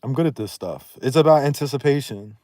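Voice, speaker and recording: A man talking casually on a livestream, blunt and profane, rambling and quick to raise his voice. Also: mid-range voice, mellow, dry recording, clean studio sound. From Northeast United States.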